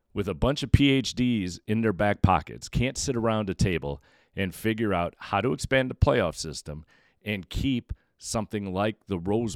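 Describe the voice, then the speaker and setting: A man's voice: low voice, no room sound, clean studio sound. A man hosting a solo sports podcast, giving emphatic, opinionated commentary that sometimes stumbles over repeated words. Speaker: podcast host.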